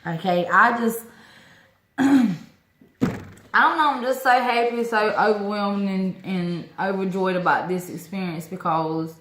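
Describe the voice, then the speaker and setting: A woman chatting excitedly to camera about her orchids, talkative, with lots of exclamations. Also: mid-range voice, slow pace, long pauses, echoey room, slight background noise. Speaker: orchid-growing vlogger. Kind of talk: casual chat to camera.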